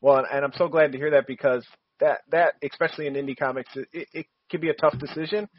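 A comic book writer, a man, talking fast and eagerly as a guest, laughing often. His voice is a little husky. The audio is muffled and dull. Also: fairly high pitch, fairly even intonation. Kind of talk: interview.

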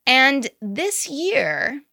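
A woman co-hosting a podcast, chatting casually about news with quick asides and easy laughs. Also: high-pitched, very animated, creaky, pushed and bright, no room sound, studio quality. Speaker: podcast co-host. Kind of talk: casual chat about girls' baseball news.

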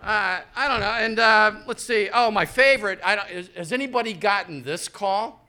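A man in his fifties works through a stand-up set on a club stage, talking into a handheld mic. His voice is high and very bright. He rambles in a loose, conversational way and drops in crude asides. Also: moderate pace. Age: 50s. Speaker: stand-up comedian.

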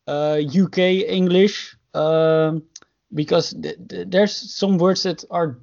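Dutch guy on a podcast, pretty high voice, laughs a lot, muffled audio. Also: fairly even intonation, takes it slowly, gravelly, a little mellow. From Netherlands. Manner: laughs often, hesitant restarts. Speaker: podcast guest, musician. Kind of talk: casual chat. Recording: dull lo-fi sound.

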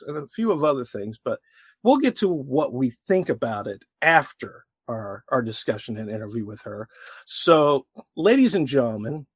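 A man's voice: medium pitch, breathy edge, dry recording. A man hosting a podcast, reading a scripted intro and then chatting casually and playfully with his co-host and guest. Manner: upbeat, lively, playful.

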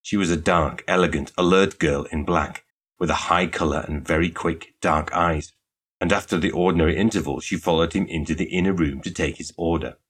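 A male audiobook narrator reading a classic detective story in a measured, even manner. His voice sits very low with a husky edge. The delivery is calm and unhurried throughout. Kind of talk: scripted narration.

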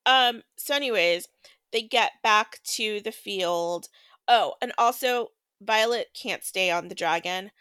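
A woman's voice: medium pitch, sharp tone, clear, resonant tone, no room sound, studio quality. A woman co-hosting a casual book podcast, retelling the plot in a chatty way with lots of fillers. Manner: chatty, filler-heavy, quick plot recap. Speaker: podcast co-host.

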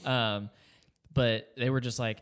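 A man's voice: medium pitch, slow pace, clean tone. Rambling young man telling a story. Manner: rambling, animated retelling with filler words. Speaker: podcast host. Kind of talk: casual storytelling chat.

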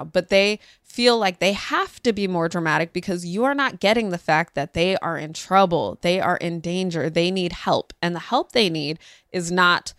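A woman hosts a parenting talk in a casual storytelling way. Her pitch leaps high whenever she acts out what someone said. The recording is close and dry. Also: moderate pace, no room sound. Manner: animated, acts out quoted voices with pitch jumps. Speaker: parenting podcast host.

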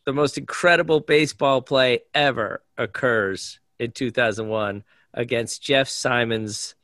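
A man's voice: medium pitch, measured pace, a bit bright, dry recording. A man co-hosting a podcast, eagerly asking his co-hosts quiz questions in casual chat. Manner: playful, eager quizmaster. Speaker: podcast co-host running a quiz.

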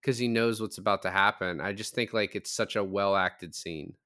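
Low, smooth-voiced man on a podcast. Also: moderate pace. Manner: relaxed, loose with fillers. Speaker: podcast co-host. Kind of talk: casual chat.

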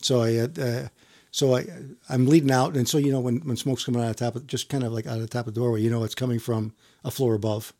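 Man, middle-aged, firefighter, casual interview storytelling, halting, repeats words, chuckles. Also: medium pitch, steady tone, mellow.

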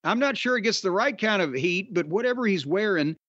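Man, high voice, podcast host, sardonic, cursing, dry slightly muffled audio. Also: lively intonation, a little fast, fairly bright tone, no room sound. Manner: profane, sardonic and opinionated. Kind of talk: casual wrestling podcast chat.

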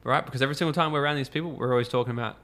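A man, a podcast guest telling lively stories in casual conversation, acting out quotes and swearing freely. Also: medium pitch, racing. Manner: animated storyteller, acts out quotes, swears freely.

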